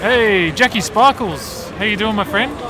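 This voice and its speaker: A man's voice: high voice, measured pace, music in the background. A chatty man commentating a fighting game tournament stream in an upbeat way. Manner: upbeat, chatty, laughs often. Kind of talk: casual live commentary. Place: gaming tournament venue. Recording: noisy event room.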